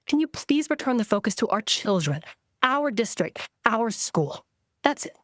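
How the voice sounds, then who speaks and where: A woman's voice: on the high side, sing-song, measured pace, a bit bright, dry recording, studio quality. A woman in her thirties, a parent, speaking heatedly at a public school board meeting and filling her talk with "like". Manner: angry, heated, peppered with "like". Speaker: parent giving public comment. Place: public meeting room at a podium.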